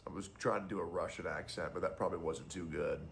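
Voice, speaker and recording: A man's voice: low-pitched, fairly even intonation, quick pace, vocal fry, a crowd in the background. A young adult man streamer giving casual, blunt and profane commentary.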